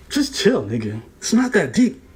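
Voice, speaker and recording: A man's voice: high voice, slow. A man co-hosting a reaction show, mocking and swearing as he gives heated commentary. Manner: animated, mocking, profane, laughs at his targets.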